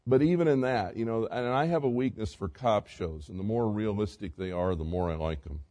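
A pastor preaching a sermon, swinging from loud emphatic passages to quiet, conversational asides and direct questions to the congregation. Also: male voice, fairly low pitch, fairly quick.

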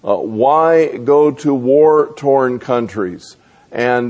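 A male preacher delivering a sermon at an unhurried pace. His voice sits in an ordinary middle register, and he works through a chain of rhetorical questions. He pauses often on small fillers between thoughts. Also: mid-range voice, darkish tone.

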